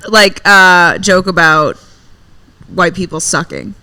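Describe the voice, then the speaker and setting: A woman co-hosting a comedy podcast, giggly and quick with jokes in casual banter. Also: lowish voice, sharp tone. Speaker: podcast co-host.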